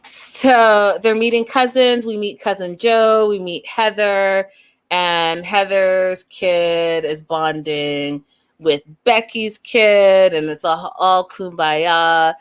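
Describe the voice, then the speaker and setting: Woman host, slightly low pitch, animated opinionated recap commentary. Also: slow, clear, resonant tone. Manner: animated, opinionated, acts out quotes. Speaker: show host reviewing reality TV.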